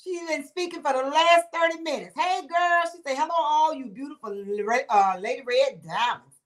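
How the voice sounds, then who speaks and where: A woman's voice: high-pitched, normal speed. A woman hosting a casual livestream chat, laughing often and calling her viewers honey and baby. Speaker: livestream host reading viewer comments.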